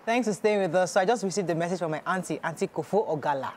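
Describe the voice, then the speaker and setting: A woman co-hosting a morning TV show, chatting and reading out headlines slowly and deliberately. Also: lowish voice, a little mellow, a little hiss or hum. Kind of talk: breakfast TV chat and paper review.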